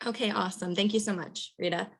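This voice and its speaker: A woman hosts a virtual rally over a video call. Her talk is upbeat and encouraging, peppered with fillers and quick affirmations. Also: mid-range voice, steady tone, gravelly. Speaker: event host and organizer.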